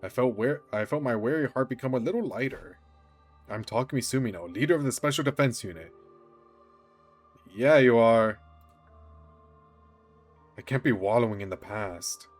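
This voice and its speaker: A streamer reads out a visual novel in a man's voice, pitch swinging all over the place as he jumps between characters and his own reactions. Faint game music sits underneath him. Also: moderate pace, pauses often. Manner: reads every character aloud, with animated asides and laughter. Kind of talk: reading a visual novel aloud while playing.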